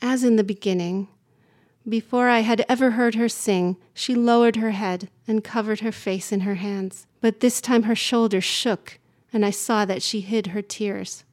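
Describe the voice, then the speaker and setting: A woman narrating a literary story in the first person, calm and measured. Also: mid-range voice.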